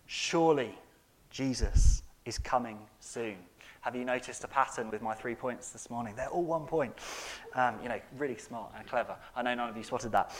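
A pastor preaches emphatically in a medium-pitched voice, swinging between loud and soft and putting rhetorical questions to the congregation.

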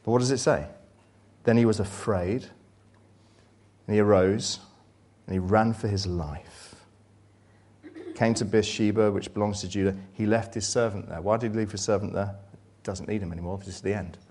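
A man preaching a sermon, reading scripture and retelling it dramatically, swinging from loud excitement to hushed, low passages. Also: normal speed, pauses often.

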